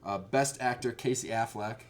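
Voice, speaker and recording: A man hosting a casual chat, talking in an animated, rambling way. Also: mid-range voice, normal speed. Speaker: host.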